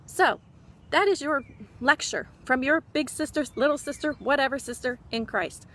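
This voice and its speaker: A woman's voice: high voice, normal speed, fairly bright tone. A woman giving an impassioned talk to fellow Christians, scolding them with repeated rhetorical questions and urging them to act. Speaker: Christian speaker.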